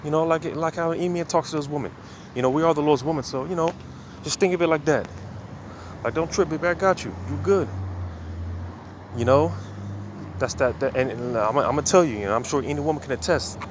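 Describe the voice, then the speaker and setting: A man's voice: on the high side, quick pace, noisy background. A man giving a casual, conversational sermon, reading scripture and talking it over with many "man" and "you know" asides. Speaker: religious teacher.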